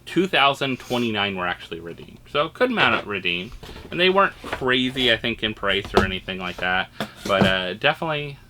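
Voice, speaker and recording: A man's voice: on the low side, expressive, fairly quick, background noise. A man hosting a collectibles unboxing, chatting casually and rambling with fillers. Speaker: collectibles channel host.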